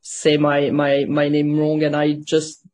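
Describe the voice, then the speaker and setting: A woman's voice: low voice, completely flat delivery, measured pace, a little mellow. Woman, podcast guest. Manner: hesitant, searching for words in English. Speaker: podcast guest, marketing agency founder. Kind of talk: casual interview chat.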